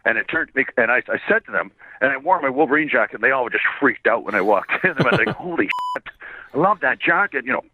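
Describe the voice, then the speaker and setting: A slightly hoarse man, born in Ireland and raised in Canada, telling stories as an interview guest, laughing often and swearing casually. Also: medium pitch, animated, fast talker, no echo. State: a bit hoarse. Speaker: voice actor and singer guest. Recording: dry tinny phone-like line.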